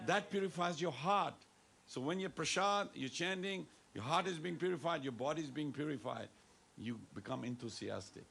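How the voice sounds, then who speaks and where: Gravelly-voiced man leading a temple sermon. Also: a little high, moderate pace, fairly bright tone. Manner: playful, coaxing the audience to respond and dance; mixes in Hindi phrases. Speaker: temple speaker. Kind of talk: devotional sermon to a congregation. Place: temple hall with congregation.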